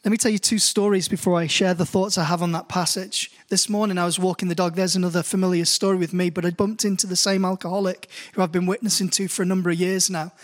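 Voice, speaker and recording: A man's voice: high-pitched, flat delivery, fast talker, hardly any pauses. A middle-aged man preaching in a church hall, reading scripture and then telling stories with earnest, growing passion. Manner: earnest, builds into passionate storytelling.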